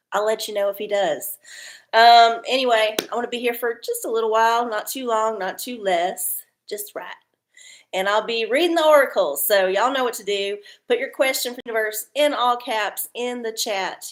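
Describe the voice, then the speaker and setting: A woman hosting a casual live stream, chatty and folksy, swearing freely as she reads oracles. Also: fairly high pitch. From Texas.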